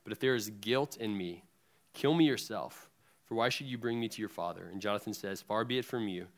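Young male youth pastor, relaxed sermon to kids, chatty and unpolished. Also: fairly low pitch, fast. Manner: conversational, frequent ums, lively retellings of scripture.

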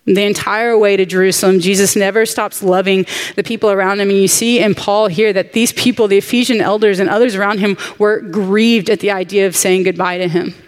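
An earnest woman leads a women's Bible study with heartfelt, chatty teaching. She talks warmly and directly to the group, and jet lag has left her sounding a little tired. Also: medium pitch, fairly even intonation, brisk, few pauses. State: jet lagged.

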